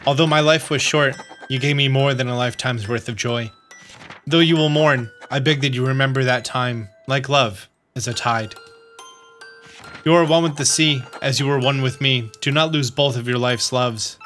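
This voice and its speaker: A man voicing an old male bomb sailor who talks slowly, softly and formally, with tender, grieving words for a lost love. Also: medium pitch, faint music behind, natural voice. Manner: slow, soft, tender and formal.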